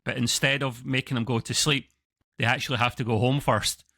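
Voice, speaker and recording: A man's voice: medium pitch, fairly even intonation, brisk, bright, forceful tone, dry recording. A man with a Scottish accent, co-hosting a casual review chat over a video call, rambling and correcting himself as he goes. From Scotland. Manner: rambling, self-correcting, chuckling asides. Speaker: co-host of a TV review show.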